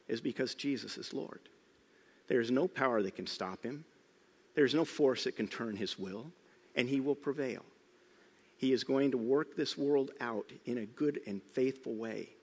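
A middle-aged man preaching a sermon, telling the story with lively emphasis, sometimes loud and sometimes hushed. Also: mid-range voice, gravelly. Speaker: pastor. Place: church sanctuary. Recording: church hall reverb.

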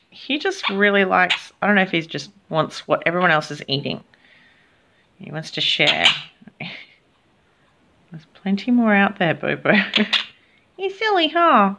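A young woman talks to her pet parrots in a relaxed, unhurried way, slipping into a doting coo. Her voice sits in a middle pitch, and soft laughs run through her chatter. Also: noisy background. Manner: cooing and doting, often laughing softly. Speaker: vlogger and pet bird owner. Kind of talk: casual chat to her pet birds.

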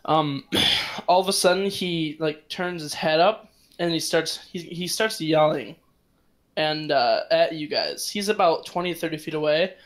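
A man playing a tabletop game, describing his character in a halting, restarting way. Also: on the high side. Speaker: player. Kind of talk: casual tabletop narration.

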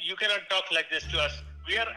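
A man's voice: sits high, quick pace, crowd noise, poor audio. A man taking a phone order at a restaurant, polite and apologetic, hesitating and saying "sir" often.

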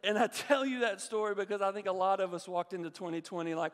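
A man in his thirties preaching as a guest pastor, telling stories in an animated way and acting out the voices in them. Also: high voice, brisk, hardly any pauses. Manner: animated storytelling, acts out voices. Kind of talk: sermon. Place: church hall. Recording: long reverb of a church hall.

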